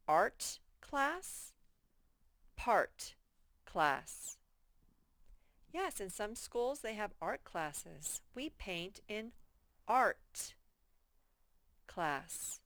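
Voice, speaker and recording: A woman teaching a first grade reading lesson, slowly sounding out words in a patient way. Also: lowish voice, a bit bright, no room sound. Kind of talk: reading lesson for young children.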